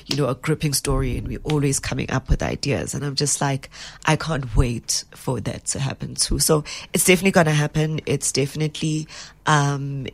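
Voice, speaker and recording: Deep-voiced South African woman, gravelly. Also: brisk. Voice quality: very deep, husky voice. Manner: animated, laughing, mixes in Zulu phrases. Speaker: actress, interview guest. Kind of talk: casual interview chat.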